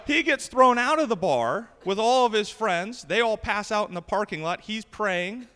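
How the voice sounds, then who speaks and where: A man's voice: very high-pitched, normal speed, few pauses, fairly bright tone, big-room sound. A man in his thirties doing a stand-up comedy set on a club stage, delivering punchy jokes into a handheld mic. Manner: brash, punchy joke delivery.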